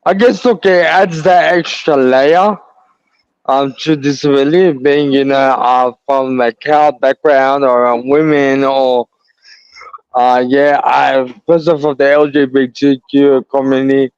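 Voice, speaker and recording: A man's voice: mid-range voice, steady tone, a little slow, smooth, dry recording, lo-fi sound. An Australian man hosting a podcast, talking casually and backing his guest with short, agreeing replies. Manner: brief affirming interjections. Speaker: podcast host.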